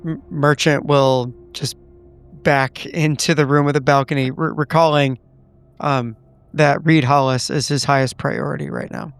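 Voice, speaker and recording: A man playing a tabletop game, describing his character's actions deliberately. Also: a little high, steady tone, gravelly, smooth. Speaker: player. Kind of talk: casual tabletop play.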